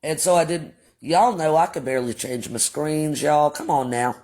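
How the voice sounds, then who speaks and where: A man's voice: a little high, normal speed, a little mellow. A man hosting a livestream who tells a story in a casual, blunt, profane way and talks straight to his viewers. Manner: blunt and profane, addresses chat as y'all. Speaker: livestream host.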